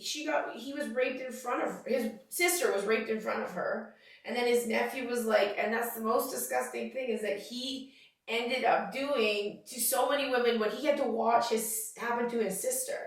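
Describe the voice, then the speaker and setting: A woman's voice: a little high, heavy reverb, far from the mic, low-quality recording. A woman co-hosting a podcast in casual chat, rambling through stories and laughing easily. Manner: rambling, quick to laugh, fired up at times. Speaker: podcast co-host.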